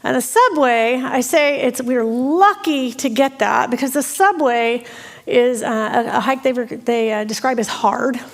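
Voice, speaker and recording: A middle-aged woman preaching a sermon, telling a personal story in an animated, self-deprecating way. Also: high voice, a little slow, long reverb tail. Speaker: pastor.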